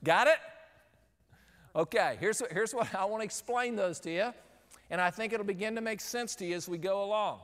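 A man's voice: high voice, moderate pace. A man giving a sermon to parents, telling a story and acting out the scenes as he goes. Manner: animated storyteller, acts out scenes. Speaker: speaker. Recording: long hall reverb.

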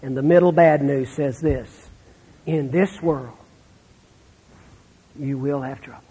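A middle-aged man preaching a sermon, telling stories and dropping to a hush for the sad parts. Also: mid-range voice, takes it slowly, breathy edge, long reverb tail, low-quality recording. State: terminal illness, on breathing treatments. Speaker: pastor.

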